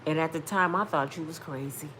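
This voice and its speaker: A woman voicing a male hospital doctor who speaks quietly and earnestly. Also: low voice, fairly quick, slight background noise, rough recording.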